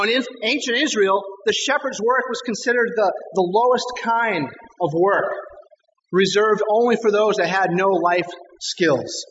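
A man preaching a sermon, earnest and emphatic, slowing down to stress scripture quotes. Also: sits high, fairly bright tone, in a large hall, lo-fi sound, a little hiss or hum. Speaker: pastor. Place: church sanctuary.

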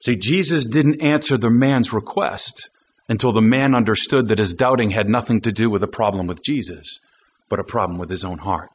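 A man's voice: on the low side, normal speed, husky, dull audio. A man preaching a sermon, emphatic and driving home his points with repeated rhetorical questions.

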